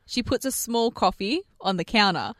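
A woman's voice: medium pitch, normal speed, no echo, studio quality. A woman co-hosting a radio show, telling a story in casual chat and acting out what people said. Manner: animated storyteller, acts out quotes. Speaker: radio co-host.

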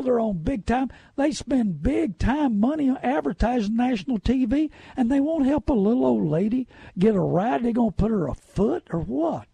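A middle-aged radio host with a drawl, ranting in a folksy, indignant way. His voice sits high but sounds dark and husky, with a gravelly edge. The sound is dry and close. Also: no room sound. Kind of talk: opinionated radio talk.

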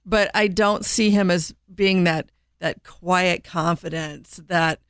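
A woman's voice: lowish voice, steady tone, takes it slowly, clean tone, dry recording, clean studio sound. A woman co-hosting a radio show, chatting casually and objecting emphatically.

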